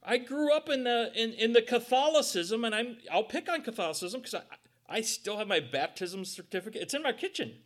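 A male pastor gives a loose, conversational sermon, his voice sitting high and leaping around in pitch. He jokes, acts out quotes and makes little sound effects. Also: expressive, fairly quick, fairly bright tone.

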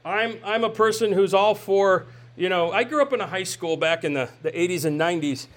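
A man in his forties delivers a sermon with a notably high voice. He keeps it conversational, tossing rhetorical questions at the congregation and tagging lines with "right?". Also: brisk. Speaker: pastor.

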